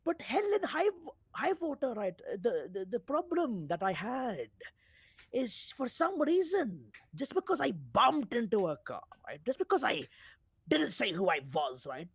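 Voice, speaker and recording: Man playing a wounded complainer with a wobbly fake accent, breathy, swings wildly up and down. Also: very high-pitched, sing-song, moderate pace, dry recording, exaggerated voice. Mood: indignant. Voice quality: slipping put-on accent. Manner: keeps saying "brother" and "right?", theatrical pleading. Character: aggrieved man filing a complaint, overdramatic. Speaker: role-play character. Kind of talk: game role-play.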